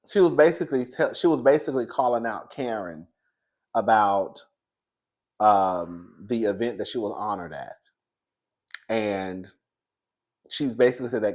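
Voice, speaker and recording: A man giving casual, sassy commentary on a reality TV episode, chatty and quick to laugh. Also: fairly low pitch, darkish tone. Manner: sassy, chatty, laughs often, calls viewers "girl" and "baby". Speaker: reality TV reviewer.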